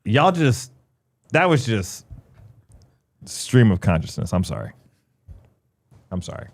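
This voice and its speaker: Lively joking man co-hosting a livestream. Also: fairly low pitch, takes it slowly, vocal fry. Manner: joking, teasing, laughs often. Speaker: podcast co-host. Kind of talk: casual livestream banter.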